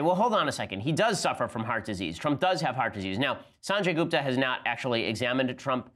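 A man hosting a political podcast, delivering fast, sardonic commentary in quick bursts. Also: mid-range voice, a bit bright. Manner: rapid-fire, sardonic, talks in quick bursts. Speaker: podcast host.

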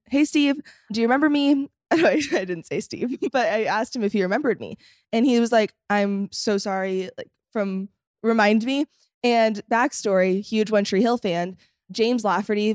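A young woman, a podcast guest, chatting casually and telling an animated story, acting out quotes and laughing often. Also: mid-range voice, no echo, studio quality. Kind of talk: casual chat.

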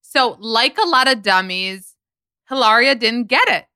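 A woman hosting a podcast in casual chat, talking in a chatty, emphatic way with quick asides. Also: on the high side, lively intonation, pushed and bright, smooth, no room sound. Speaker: podcast host.

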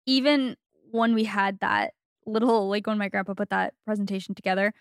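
A young woman co-hosting a podcast, chatting casually in a relaxed, reflective way and laughing along. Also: medium pitch, a little fast, smooth, dry recording, clean studio sound. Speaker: podcast co-host. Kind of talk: casual chat.

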